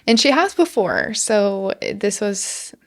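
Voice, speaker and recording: A woman's voice: medium pitch, expressive, takes it slowly. A woman in her thirties co-hosting a family podcast, telling stories playfully and laughing often. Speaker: podcast co-host. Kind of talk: casual chat.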